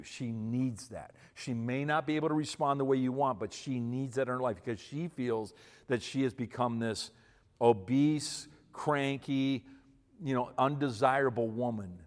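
A man in his fifties with a mid-pitched voice, talking folksy and emphatic as he advises an audience. His words carry a long hall reverb. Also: fairly even intonation, normal speed. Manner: folksy, emphatic, repeats himself. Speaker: speaker giving marriage advice to men. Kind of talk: advice talk to an audience.

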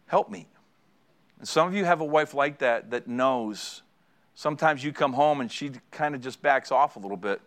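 A man's voice: mid-range voice, moderate pace. A middle-aged man preaching a sermon as a pastor, telling stories with humor and acting out conversations. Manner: animated storytelling, acting out conversations; joking, draws audience laughter.

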